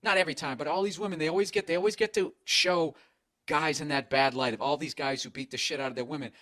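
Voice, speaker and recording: A man's voice: a little high, steady tone, fast, pushed and bright, dry recording, studio quality. A middle-aged man with a Boston accent, hosting a comedy podcast in a blunt, profane, rambling rant.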